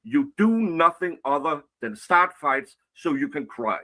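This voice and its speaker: A man rants angrily in a played clip, swearing and confronting his critics. His voice is bright and edgy, set a little high for a man. He talks at his critics head-on. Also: expressive, measured pace. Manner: angry, profane and confrontational. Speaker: online commentator. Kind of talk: angry rant.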